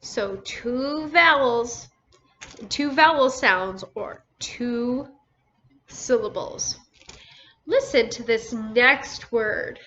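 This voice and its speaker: A woman's voice: a little high, pushed and bright. A woman teaching a recorded phonics lesson to young children, sounding out each word syllable by syllable. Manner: slow, sounds out words syllable by syllable. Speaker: first grade teacher. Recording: dull lo-fi recording with faint noise.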